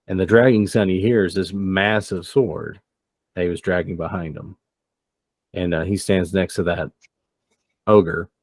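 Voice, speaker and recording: A man's voice: low-pitched, a little mellow, no room sound. A man narrating as game master of a tabletop game, hesitant and full of fillers.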